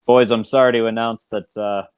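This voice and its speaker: A folksy, big-bellied half-orc emcee drawls his announcements in a low voice, as a man plays him in a tabletop game. The recording is close and dry. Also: flat delivery, normal speed, clean tone, no room sound, lightly acted.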